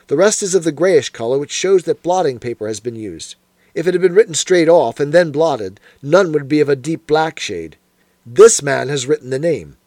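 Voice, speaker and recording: A man reading a sharp Victorian detective in an audiobook, clipped and deliberate, his voice lower and quieter. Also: dry recording.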